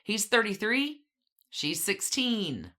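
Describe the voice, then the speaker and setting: A woman's voice: medium pitch, sing-song, takes it slowly, bright, forceful tone. A woman co-hosting a podcast, casually telling a story with conversational, dry asides. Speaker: podcast co-host.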